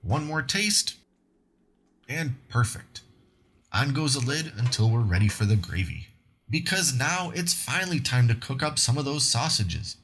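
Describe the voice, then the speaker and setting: Man, cooking show host, recipe narration, upbeat, chatty, mid-pitched voice. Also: big pitch swings, measured pace, fairly bright tone, husky. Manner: upbeat and conversational.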